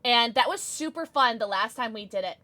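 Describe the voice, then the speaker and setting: A woman streamer chatting casually with her live audience, bubbly and giggly, rattling off quick greetings. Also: on the high side, animated, sharp tone. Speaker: Twitch streamer.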